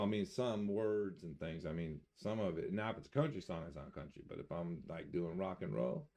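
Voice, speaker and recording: Older male streamer, low gravelly voice, easygoing rambling chat with chuckles. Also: darkish tone. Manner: rambling, folksy, chuckling to himself; talks of having an accent. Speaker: game streamer. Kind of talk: casual live-stream chat.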